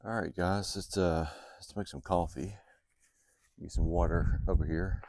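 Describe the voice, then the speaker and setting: A man's voice: sits low, measured pace, dry recording. A man chatting casually to viewers while camping outdoors by a lake, a bit sniffly from the cold. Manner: relaxed, chatty, addresses viewers directly. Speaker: vlogger. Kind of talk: casual outdoor vlog talk. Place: outdoors at a lakeside campsite.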